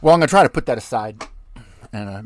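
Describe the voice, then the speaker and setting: A man's voice: medium pitch, expressive, fast. A man hosting a podcast, swearing heavily in a heated rant and jittery from too much coffee. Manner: profane, heated, swearing constantly. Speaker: podcast host. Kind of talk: ranting podcast monologue, reading documents aloud.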